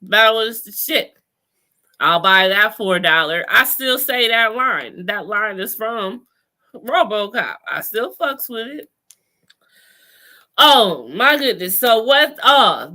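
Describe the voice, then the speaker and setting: A woman co-hosts a relaxed TV recap, talking slowly and unhurriedly. Her voice is bright and clear, and she is blunt and profane, laughing easily. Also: mid-range voice. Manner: laid-back, profane, laughs often. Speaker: podcast co-host. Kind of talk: casual TV recap chat.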